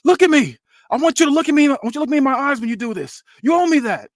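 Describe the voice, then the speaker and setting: A man's voice: animated, very fast, no room sound, clean studio sound. A man voicing an anguished young man who cries and pleads to be looked in the eye. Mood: tearful pleading. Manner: high, pleading, raised voice.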